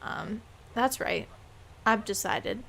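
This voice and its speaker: Young woman game streamer, playful running chatter, gravelly edge to her voice. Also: on the high side, slow, pushed and bright, slight background noise. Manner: chatty, playful, musing aloud. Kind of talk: live game stream chat.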